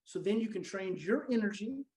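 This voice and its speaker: A woman giving an emphatic, repetitive motivational talk to parents, swinging between loud stresses and soft, quiet passages. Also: mid-range voice, animated, normal speed, rough recording. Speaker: parenting educator.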